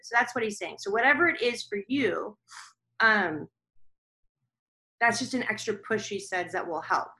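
Bright-voiced chatty woman guest. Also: medium pitch, lively intonation, normal speed, long pauses, low-quality recording. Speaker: guest medium. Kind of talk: relaying messages in casual conversation.

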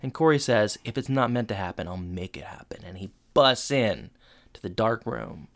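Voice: medium pitch, animated, normal speed. A podcast co-host chatting casually while recapping a TV episode, adding dry asides and voicing the quotes. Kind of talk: casual chat.

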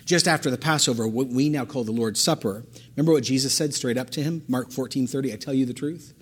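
A pastor preaching a sermon, emphatic and fond of repeating phrases for stress. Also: male voice, mid-range voice, fast talker, husky.

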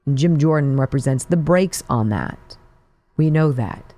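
A woman's voice: extremely low pitch, animated, measured pace, mellow. A woman in her forties hosting a political talk radio show, delivering a combative, sarcastic monologue.

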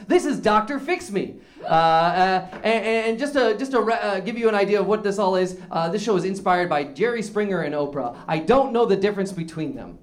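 A high-voiced, stammering host, played by a man, full of showman gushing. He stumbles through restarts and fillers yet keeps hyping the crowd. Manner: showy and effusive with the crowd. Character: eager, bumbling male talk show host. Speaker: talk show host. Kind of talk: improvised comedy scene.

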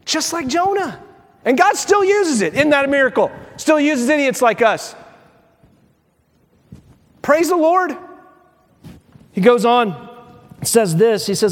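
A man preaching a sermon as pastor, telling the story with lively mock voices. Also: very high voice, moderate pace, long pauses. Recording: long reverb of a large hall.

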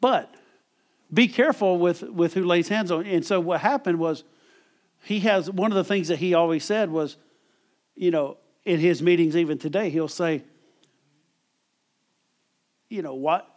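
A man's voice: high-pitched, measured pace, pauses often. A middle-aged man preaching a conversational sermon, often repeating words and chuckling as he talks.

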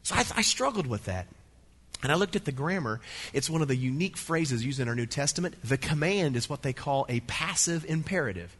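A middle-aged man from the United States preaching a sermon, emphatic and animated, with playful asides. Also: fairly high pitch, fairly quick, breathy edge. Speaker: pastor.

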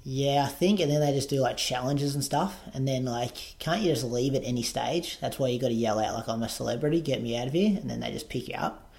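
A man's voice: medium pitch, fairly quick, gravelly, a little mellow. Chatty podcast co-host man. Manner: chatty, reads items aloud. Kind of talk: casual chat, reading news.

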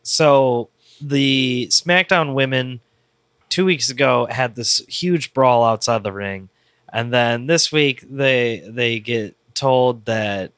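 A man trades sardonic remarks about wrestling as a podcast co-host and swears freely. His voice is bright and a bit sharp. The recording is dry and close. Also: medium pitch, slow, clean tone, no echo. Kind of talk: casual chat.

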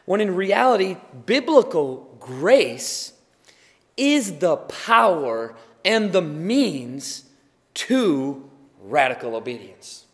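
A tired man preaching as a pastor, earnest and swinging from quiet to loud emphasis. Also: high-pitched, sing-song, takes it slowly, big-room sound. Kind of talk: sermon.

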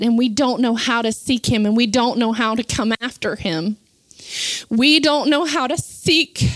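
A woman's voice: on the high side, no echo. A woman preaching a sermon, retelling scripture and rising to impassioned, fervent cries.

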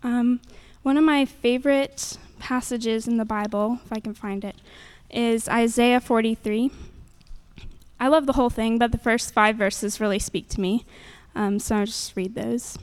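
A woman's voice: a little high, steady tone, unhurried, clear, resonant tone. A young woman giving a nervous, earnest faith testimony into a handheld microphone at a church gathering, with many fillers.

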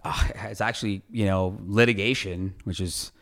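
A man, a lawyer, telling stories from his career in a casual, animated interview and swearing casually. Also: low voice, normal speed. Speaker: guest, lawyer.

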